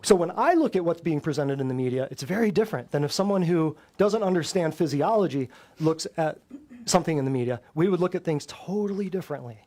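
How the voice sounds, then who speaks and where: A man with a notably high speaking voice lectures a live audience as host of a natural health show. He talks bluntly and combatively, pressing his points with one rhetorical question after another. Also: lively intonation, fast, dark tone. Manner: emphatic, fires rhetorical questions at listeners.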